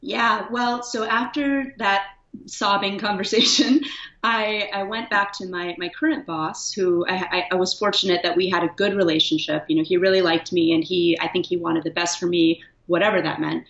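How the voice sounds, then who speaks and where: A woman's voice: lowish voice, fairly even intonation, moderate pace, vocal fry, a bit bright. A woman guest speaking candidly and reflectively in a casual interview, laughing now and then. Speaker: guest, writer. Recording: echoey, dull lo-fi sound.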